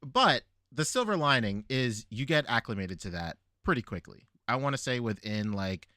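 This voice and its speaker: A Filipino American man hosting a podcast, telling stories in an animated way with frequent laughs. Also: mid-range voice, normal speed, no echo, studio quality. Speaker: podcast host. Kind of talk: casual chat.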